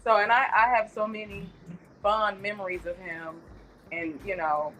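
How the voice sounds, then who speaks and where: A woman's voice: mid-range voice, flat delivery, normal speed, fairly bright tone, soft background music, poor audio. A woman guest on a talk show, chatting in a rambling, tender way while remembering her late nephew over a video call. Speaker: guest, aunt of the deceased.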